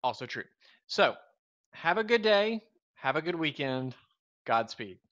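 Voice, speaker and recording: A man's voice: on the high side, very animated, a little slow, a bit bright, muffled recording. A man in his thirties from the Southern US, co-hosting a live stream in a wry, rambling, joking way. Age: 30s. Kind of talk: casual live stream chat.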